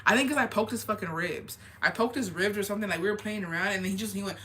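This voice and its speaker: A woman's voice: medium pitch, racing, sharp tone, slight background noise. A young woman chatting casually and profanely as she answers viewer confessions, switching now and then into Spanish. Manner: profane, laid-back, slips between English and Spanish. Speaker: advice vlogger reading viewer confessions. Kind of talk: casual chat.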